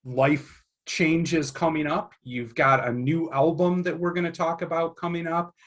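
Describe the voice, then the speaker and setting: A man's voice: fairly high pitch, fairly even intonation, measured pace, fairly bright tone. A man hosting an interview podcast, asking long, enthusiastic, rambling questions. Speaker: podcast host. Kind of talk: casual interview.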